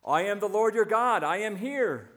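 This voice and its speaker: A man voicing God in a joke, calling calmly down from heaven in a raised, solemn voice. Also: high-pitched, moderate pace, pitched above the performer's own voice. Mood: reassuring.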